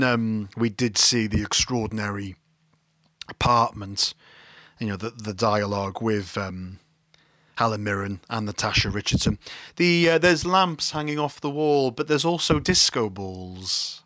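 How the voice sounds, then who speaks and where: Film podcast co-host, English man, wry and meandering, bright voice. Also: medium pitch, moderate pace, no echo, clean studio sound. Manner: rambling, self-correcting, wry. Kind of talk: casual film discussion.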